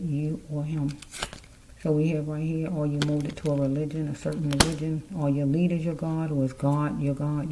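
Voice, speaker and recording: A woman's voice: low-pitched, background noise. A woman giving a casual tarot card reading, rambling and musing aloud as she speaks straight to the listener.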